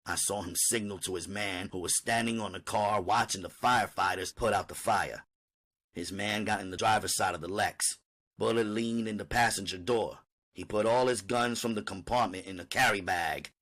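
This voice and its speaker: A man's voice: fairly low pitch, moderate pace, a bit bright. A man reading an audiobook aloud in first-person narration.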